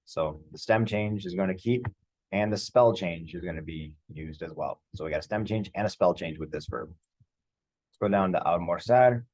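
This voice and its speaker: A man teaching a screen-share Spanish grammar lesson in a relaxed, rambling way, spelling words out letter by letter. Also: sits low, moderate pace, no echo.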